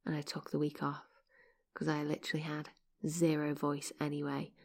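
A woman who hosts a podcast and teaches meditation, talking in a chatty, upbeat way with soft, breathy asides. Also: low-pitched, monotone, moderate pace. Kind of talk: casual chat.

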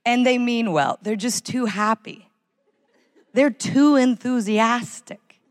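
An American woman performing a live stand-up routine in a large concert hall, wry and animated. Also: slow pace. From United States. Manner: wry, animated, acts out characters in high voices. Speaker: stand-up comedian.

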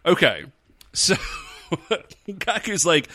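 On this podcast, a man with a fairly high voice co-hosts, talking slowly as he recaps a TV episode. He's animated, laughing and joking throughout the casual chat.

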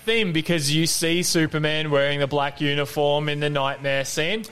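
A man's voice: on the high side, steady tone, moderate pace, a bit bright, clear, resonant tone. A man co-hosting a casual film podcast, laid-back and agreeable. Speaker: podcast co-host. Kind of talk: casual film-review chat.

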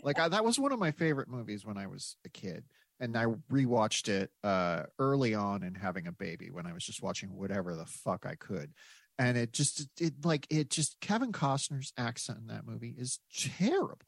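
A man's voice: mid-range voice, moderate pace, creaky, no echo. A man co-hosting a podcast, wry and opinionated, cracking jokes as he talks. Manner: wry and animated, jokey and opinionated. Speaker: podcast co-host. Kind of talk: casual podcast chat.

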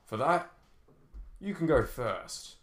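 A man voicing a stern male prison warden who speaks in a booming, commanding way, in a roomy recording. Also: animated, slow pace. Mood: menacing. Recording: roomy echo.

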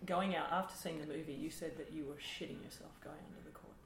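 A woman hosting a podcast in casual conversation, chatty and quick to laugh. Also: low voice, steady tone. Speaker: podcast host. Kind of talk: casual interview chat. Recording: roomy room with faint hum.

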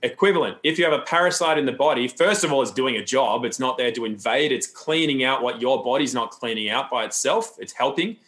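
A man's voice: mid-range voice, expressive, fairly quick, few pauses, a bit bright. A man talking as a podcast guest, loose and rambling, with frequent restarts and asides. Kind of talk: casual interview talk.

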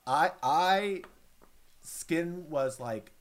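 A man co-hosting a podcast, retelling a TV episode in a gushing, emotional, fast-talking way. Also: on the high side, expressive. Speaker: podcast co-host. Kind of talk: casual chat.

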